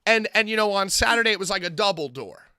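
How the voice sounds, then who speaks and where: A man co-hosting a casual podcast chat, telling stories with animated delivery and acting out quotes. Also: high voice, quick pace, smooth, dry recording, studio quality. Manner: animated storytelling, acts out quotes. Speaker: podcast co-host.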